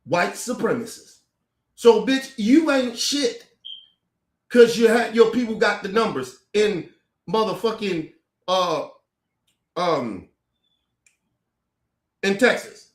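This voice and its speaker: In an echoey room, a commentator with a strikingly high voice swears his way through a hostile rant to the camera. He speaks slowly, leaves long pauses, and repeats words after stumbling on them.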